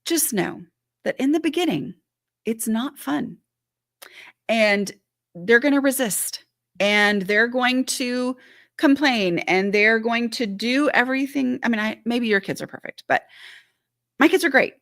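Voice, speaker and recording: A woman's voice: on the high side, expressive, a little slow, a bit bright, no echo. Woman doing a live q&a, talks easy and reassuring, says like and um a lot, dry close sound. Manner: chatty and reassuring, with frequent "like" and "um". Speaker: decluttering advice host; former teacher and mother. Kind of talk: live-stream Q&A, reading and answering viewer questions.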